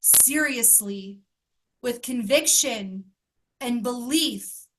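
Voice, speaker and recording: A woman life coach speaks slowly and earnestly to her group, pressing the same question again and again. Her voice sits high and bright. She sounds moved, close to tears. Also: slight background noise. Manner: earnest, emphatic, repeating questions. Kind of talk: motivational talk to a group.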